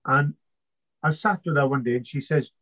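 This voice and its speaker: A British man tells his story as an interview guest, animated and blunt, swearing freely and acting out old conversations. His voice sits a little high. The sound is slightly muffled and lo-fi. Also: moderate pace. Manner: animated, swears freely, acts out past dialogue. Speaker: interview guest, navy veteran.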